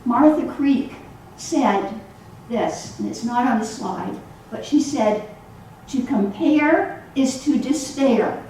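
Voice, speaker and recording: A woman minister giving a sermon to a congregation in a church hall, animated and acting out the voices she quotes. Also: on the high side, takes it slowly, a little hiss or hum. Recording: echoey hall, voice from far off.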